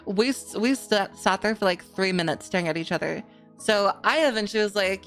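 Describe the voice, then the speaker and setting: Young woman, podcast co-host, rambling casual storyteller, mid-range pitch. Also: brisk, a bit bright, soft background music. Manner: rambling, many "like" fillers.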